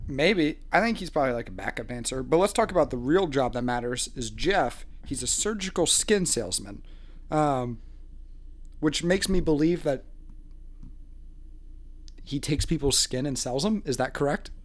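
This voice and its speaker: A man's voice: medium pitch, animated, normal speed. A man co-hosting a casual chat, joking and laughing as he rants about a dating show. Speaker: podcast co-host.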